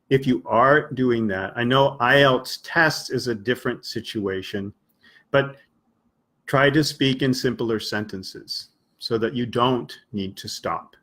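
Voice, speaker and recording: Patient male English teacher, husky voice. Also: medium pitch, a bit bright. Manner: patient, explains slowly with spoken examples and acted-out dialogues. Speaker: English teacher hosting a live stream. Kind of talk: live-stream teaching talk.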